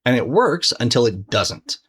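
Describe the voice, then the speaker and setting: A trading course instructor teaches a recorded lesson, talking straight to the viewer in a loose, conversational style. His medium-pitched voice is husky and a bit bright, moving a little slowly with big swings in pitch. He swears freely and often restarts his sentences.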